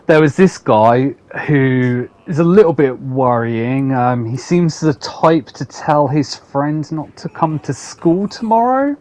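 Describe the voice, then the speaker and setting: A man's voice: a little high, expressive, takes it slowly, few pauses, darkish tone. A man hosting a casual game review video with playful, sarcastic commentary. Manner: sarcastic, playful, laughs often. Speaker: gaming video host.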